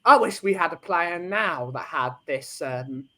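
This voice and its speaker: A man's voice: on the high side, lively intonation, unhurried, bright, forceful tone. A man hosting a casual podcast in a playful, jokey way. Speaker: host.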